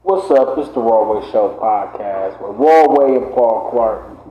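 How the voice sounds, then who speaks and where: A man's voice: lowish voice, measured pace. A man hosting a podcast, chatting casually and hyping the show intro. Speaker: podcast host. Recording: echoey lo-fi room with faint noise.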